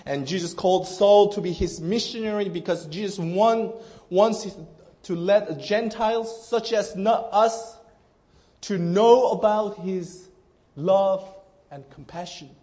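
A male pastor with a notably high voice delivers a sermon to his congregation. He speaks slowly and with earnest emphasis, often breaking off mid-phrase to restart. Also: mellow.

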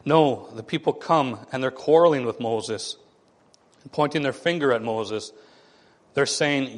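A man's voice: mid-range voice, unhurried. Man preaching in a reverberant hall. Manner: animated preaching, acting out sarcastic voices of others. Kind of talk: sermon.

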